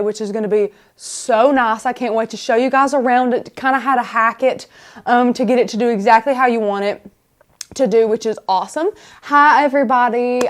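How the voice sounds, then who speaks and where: A woman hosting a casual craft live stream, chatty and rambling as she talks viewers through the steps. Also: fairly high pitch.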